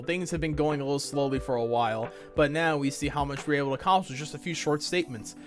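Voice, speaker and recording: A man's voice: on the high side, a bit bright. A man reading a web comic aloud in a casual way, stumbling over long words and adding self-mocking asides. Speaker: web comic reader on his channel.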